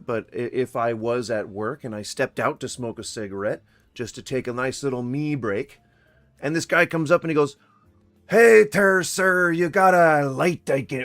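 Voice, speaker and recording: A man's voice: mid-range voice, a bit bright, no echo. A man giving casual reaction commentary in a sarcastic, rambling, mocking manner.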